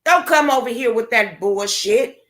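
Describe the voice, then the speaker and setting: Angry high-voiced woman ranting. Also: moderate pace, a bit bright. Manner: profane, confrontational, preachy. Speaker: vlogger. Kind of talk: angry rant to camera.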